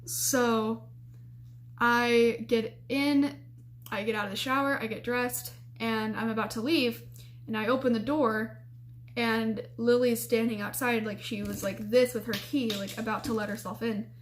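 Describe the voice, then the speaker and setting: A young woman casually telling a story in a vlog, chatty and animated, with lots of fillers and restarts. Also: on the high side, unhurried.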